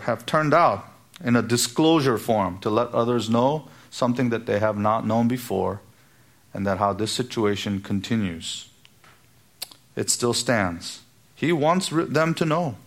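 A man's voice: fairly low pitch, fairly bright tone. A man preaching an expository sermon, walking through a Bible passage and acting out everyday speech in quoted asides. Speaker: pastor.

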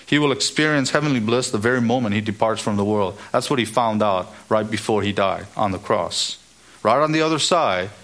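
A man's voice: medium pitch, fairly bright tone. Man preaching an emphatic sermon. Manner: emphatic preaching with rising exclamations. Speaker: pastor.

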